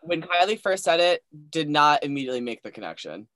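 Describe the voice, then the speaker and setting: A man's voice: a little high, big pitch swings, fast talker, a bit bright, no room sound. A young man co-hosting a casual recap chat, rambling and hedging, often restarting his sentences. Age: young adult. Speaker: co-host.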